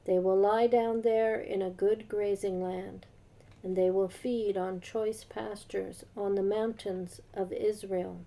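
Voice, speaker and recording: Woman co-host reading scripture; unhurried, dark and soft-edged voice. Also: medium pitch, flat delivery, vocal fry. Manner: slow, measured reading aloud.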